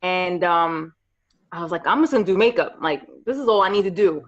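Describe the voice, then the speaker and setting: A woman in her thirties from New York, a podcast guest telling her career story in lively casual chat. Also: fairly low pitch, fairly quick. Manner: animated storyteller, acts out quoted voices. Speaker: podcast guest, makeup artist. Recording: slightly dull lo-fi audio.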